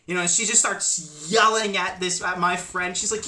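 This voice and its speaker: A man's voice: sits high, a little fast, hardly any pauses. A young man telling a storytime vlog in a chatty way, full of asides. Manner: animated, chatty, many asides. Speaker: YouTube storyteller. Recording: echoey room.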